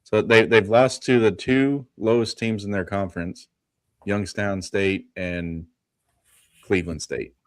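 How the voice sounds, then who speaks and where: A man with a fairly low voice talks college hoops on a casual live show. He rattles off scores and losses in quick lists and laughs easily. The sound is dry and close to the mic. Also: steady tone, dry recording. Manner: runs through stats in quick lists, laughs often. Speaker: podcast co-host. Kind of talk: casual sports talk.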